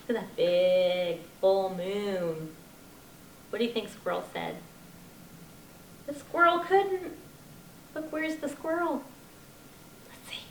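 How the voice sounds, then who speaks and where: A woman's voice: mid-range voice, sing-song, slow pace, pauses often, a little hiss or hum. A woman at a children's library story time, reading a picture book aloud in a sing-song voice and asking the children questions. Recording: echoey library room.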